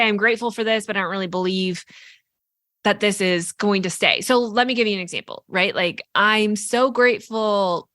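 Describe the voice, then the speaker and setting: A woman's voice: medium pitch, bright, forceful tone, dry recording, clean studio sound. A woman co-hosting a podcast, talking earnestly in casual reflective chat, full of "like" and "right?" as she explains. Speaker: podcast co-host.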